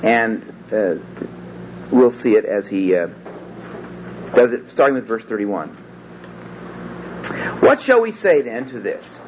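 Guy teaching a bible passage, pitch jumping all over, stops and restarts a lot, dull lo-fi tape with a faint hum. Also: big pitch swings, slow, long pauses. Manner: emphatic, hesitant with many restarts. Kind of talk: expository Bible lecture.

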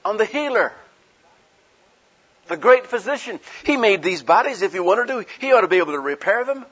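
A man's voice: sits high, big pitch swings, moderate pace, fairly bright tone, breathy edge. A man preaching a sermon in a folksy, conversational way, asking his listeners rhetorical questions and acting out the people he quotes. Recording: dull lo-fi recording.

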